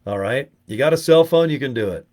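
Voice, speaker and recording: A middle-aged man talking off the cuff to his viewers, loose and profane. He rambles from advice into animated asides and swears as casually as he breathes, pitched in an ordinary male range. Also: fairly quick. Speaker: network marketing vlogger. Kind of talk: casual talking-head chat.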